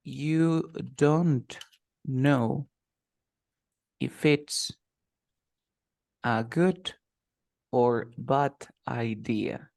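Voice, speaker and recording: A man's voice: mid-range voice, very slow, gravelly, pauses often, darkish tone, dry recording, clean studio sound. A man teaching English one-to-one online, patiently repeating example phrases.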